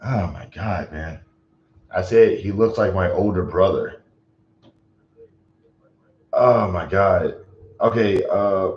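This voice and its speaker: A man's voice: low voice, takes it slowly, long pauses. A man livestreaming, talking agitatedly and rambling with lots of fillers. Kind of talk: casual livestream chat. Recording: roomy, dull lo-fi sound.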